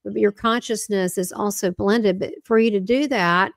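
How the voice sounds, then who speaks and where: A woman's voice: medium pitch, moderate pace, no echo. Rambling Southern woman, dry sound. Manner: rambling, excitable storytelling. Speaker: guest, spiritual medium. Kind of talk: casual interview talk.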